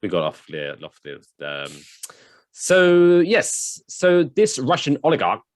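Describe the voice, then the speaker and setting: His medium-pitched voice swoops wildly as he takes it slowly, with no room sound. He's a podcast co-host doing casual comedic banter, joking and rambling and reading news bits aloud.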